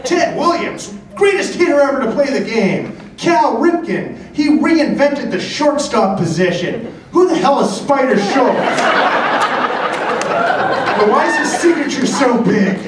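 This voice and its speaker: Man voicing a baffled, indignant dad, raised and high, far off in an echoey hall. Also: big pitch swings, measured pace, noisy background, exaggerated voice. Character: baffled father explaining autographs to his son.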